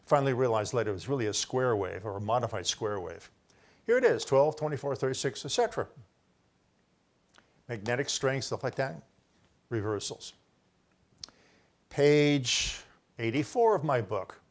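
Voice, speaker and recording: A man's voice: mid-range voice, animated, normal speed, pauses often. An older man giving a rambling solo talk, presenting his own research and often correcting himself as he insists he was first with an idea. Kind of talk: solo lecture to camera, showing book pages.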